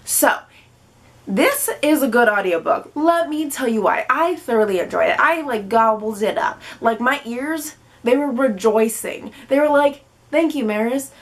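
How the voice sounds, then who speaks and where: Young woman, twenties, book vlogger; high, bubbly, playful delivery for a casual talk to camera. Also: expressive, measured pace. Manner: bubbly and playful, jumps into silly voices.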